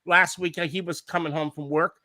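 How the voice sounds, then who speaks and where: A man with an Australian accent, co-hosting a live stream, telling a story in a swearing, animated, casual way. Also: a little high, a little fast, no echo. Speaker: podcast co-host. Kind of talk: casual chat.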